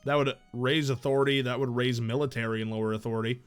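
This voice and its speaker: A man's voice: mid-range voice, steady tone, fast talker, clean tone, faint music behind. A man streaming a game live, thinking aloud in casual, profane chat.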